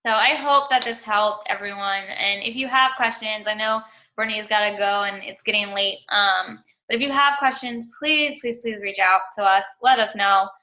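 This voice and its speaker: A woman's voice: medium pitch, fairly even intonation, normal speed, sharp tone, poor audio. A woman hosting a casual team video call as a fitness coach, chatting and saying "y'all" a lot.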